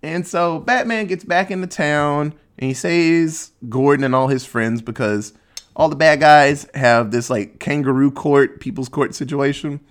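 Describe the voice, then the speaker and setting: A man's voice: a little high, measured pace. A man casually recapping a movie plot in a rambling, sarcastic way, swearing freely.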